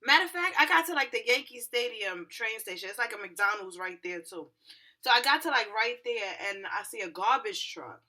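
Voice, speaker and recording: A young woman tells a story straight to her camera in a loose, casual vlog. Her voice is bright and forceful, and she acts out every person she met along the way. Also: on the high side, expressive, moderate pace. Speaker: vlogger.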